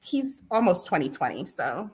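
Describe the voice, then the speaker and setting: A woman's voice: on the low side, very animated, normal speed, a little mellow. A middle-aged woman talking as a parent guest in a casual conversation, speaking hesitantly with fillers and restarts.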